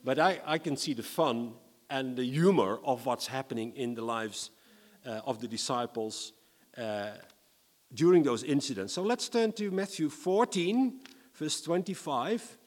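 A man from the Netherlands, preaching a sermon in a lively, humorous way and reading scripture dramatically. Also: medium pitch, measured pace, in a large hall.

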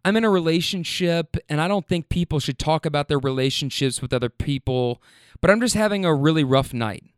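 An upset young woman in a car, halting and sniffly, who rambles and repeats herself, as a man retells her words in a story. The voice sits a little high and smooth, recorded close and dry. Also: expressive, dry recording, lightly acted. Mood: upset rambling.

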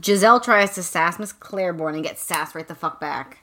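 A woman's voice: fairly low pitch, normal speed, a bit bright. A woman chatting casually about a book with wry, sarcastic asides. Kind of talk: casual book-club chat.

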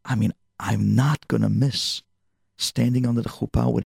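A man voicing a gentle eighty-seven-year-old man who speaks softly and earnestly. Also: mid-range voice, fairly even intonation, moderate pace, gravelly, husky, no echo, clean studio sound. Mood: tender.

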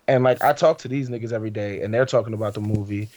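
A man's voice: lowish voice, fairly even intonation, rapid-fire, darkish tone, no room sound. A man co-hosting a podcast in casual banter, laid-back and rambling, often asking "you know what I'm saying". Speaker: podcast co-host.

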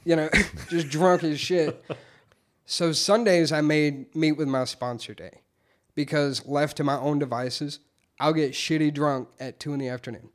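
A man telling his recovery story in casual, candid talk, swearing freely and getting animated when he quotes himself. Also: fairly high pitch, unhurried.

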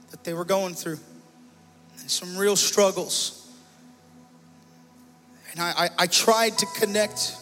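Bright-voiced pastor preaching. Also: male voice, high voice, big-room sound. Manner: personal testimony, growing emotional and loud. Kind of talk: sermon. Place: church sanctuary.

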